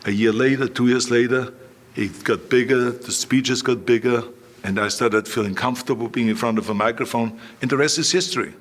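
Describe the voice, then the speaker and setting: A man's voice: mid-range voice, fairly quick. A man in his sixties with a firm Austrian accent tells stories as an interview guest. He leans on words for emphasis, repeats phrases and acts out what others said to him. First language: German. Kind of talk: storytelling interview.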